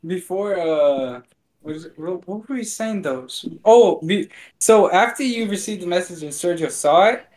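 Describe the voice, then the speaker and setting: Young man with a higher voice, laughing. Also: animated, moderate pace, darkish tone. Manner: laughing, swearing, quotes others. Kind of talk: casual storytelling chat.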